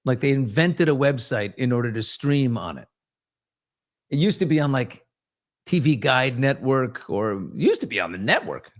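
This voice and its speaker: A man's voice: medium pitch, lively intonation, moderate pace. A middle-aged man hosting a casual live morning talk show, blunt and sarcastic, now and then mimicking other voices. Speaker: host.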